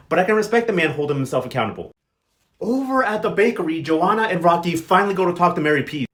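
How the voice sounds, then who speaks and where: A man's voice: on the high side, fairly bright tone. A man giving a casual telenovela recap, sassy and slangy, telling the story with dramatic flair. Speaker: recap vlogger.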